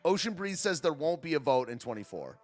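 A man's voice: on the high side, big pitch swings, brisk, soft background music. A man hosting a livestream, chatting casually, reading chat aloud and joking sarcastically. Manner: sarcastic, laughs often, reads chat aloud. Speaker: livestream host.

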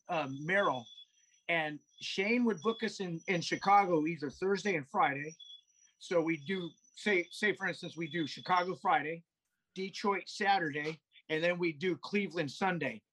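A man in casual podcast chat, telling animated stories full of swearing and acted-out quotes. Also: high voice, measured pace, a little hiss or hum. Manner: animated storyteller, swears a lot, acts out quotes.

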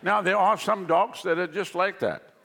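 A man's voice: high-pitched, steady tone, moderate pace, vocal fry, bright, forceful tone. A male pastor preaching a sermon, telling jokes and stories to the congregation in a large church hall. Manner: joking, storytelling preacher. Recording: long hall reverb.

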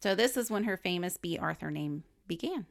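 Low gravelly woman co-hosting a chat podcast. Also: lively intonation, a little fast. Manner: chatty, laughs often, explains as she goes. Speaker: podcast co-host. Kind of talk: casual chat, reading researched biography notes.

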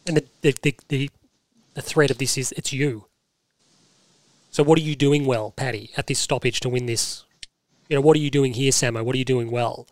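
An Australian man hosting a casual sports podcast, animated and forceful, repeating himself for emphasis. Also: mid-range voice, moderate pace, pauses often, no room sound. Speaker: podcast host.

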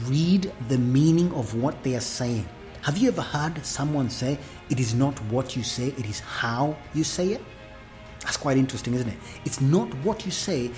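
A woman's voice: deep voice, a little mellow. A woman giving a motivational talk on family, preachy and full of questions to the listener, with faint music behind. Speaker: speaker on family relations.

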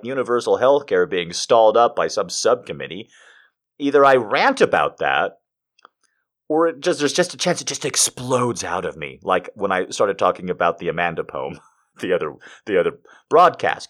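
Man, podcast host, casual rant, swearing, swings from mutters to outbursts, very lively pitch. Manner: animated and ranting, swearing, swings between mumbling and shouting. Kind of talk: casual monologue.

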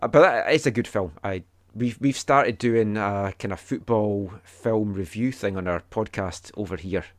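A man's voice: on the low side, moderate pace, hardly any pauses, dry recording. A man hosting a casual podcast chat, telling stories with dry, wry humour. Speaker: podcast host.

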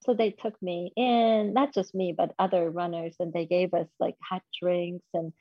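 Chatty woman in her fifties, husky voice. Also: lowish voice, normal speed, no room sound, muffled recording. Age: 50s. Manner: animated, candid, self-deprecating storyteller. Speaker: guest. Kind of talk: storytelling interview.

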